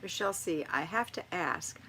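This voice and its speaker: A middle-aged woman with a lowish voice hosts a live stream. She reads viewer comments aloud and answers them with warm, motherly encouragement. Faint noise hums underneath. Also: lively intonation, moderate pace, rough recording. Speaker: livestream host answering viewer chat. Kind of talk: live-stream chat and home advice.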